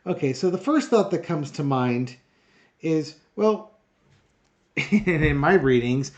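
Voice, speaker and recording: A man's voice: medium pitch, darkish tone. Sarcastic man hosting a tarot reading. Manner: sarcastic, exasperated, rambling with fillers. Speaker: tarot reader and channel host. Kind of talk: casual monologue with a tarot reading.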